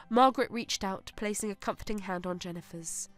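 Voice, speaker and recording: A woman narrating a heartfelt story in a smooth, even, sentimental reading. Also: mid-range voice, fast, few pauses, no room sound. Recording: dry close voice-over with soft music.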